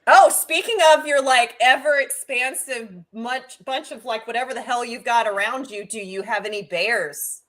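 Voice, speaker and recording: A woman hosting a casual livestream, chatting in a bubbly, excitable way that swings from loud bursts to soft asides. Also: a little high, normal speed, few pauses. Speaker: livestream host.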